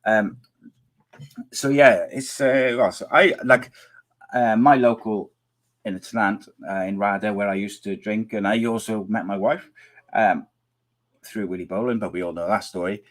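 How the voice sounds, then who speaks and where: This is a middle-aged man from Wales with a lowish voice that is going hoarse. He talks casually to his live chat, reading out comments and teasing people. His sentences ramble and restart as he goes. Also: fairly even intonation, moderate pace, long pauses. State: losing his voice. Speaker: podcast host reading viewer comments.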